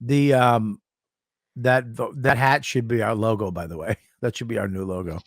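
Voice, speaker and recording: A man co-hosting a podcast in casual chat, talking in an animated, profane way and quick to be amazed. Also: fairly low pitch, no room sound, clean studio sound. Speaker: podcast co-host.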